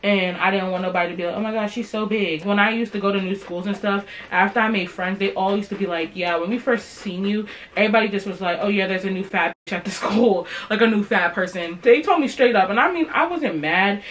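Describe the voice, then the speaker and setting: Profane animated young woman storyteller. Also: medium pitch, quick pace, slight background noise, low-quality recording. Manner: profane, animated, talks straight to viewers. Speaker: storytime vlogger. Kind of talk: casual storytime monologue.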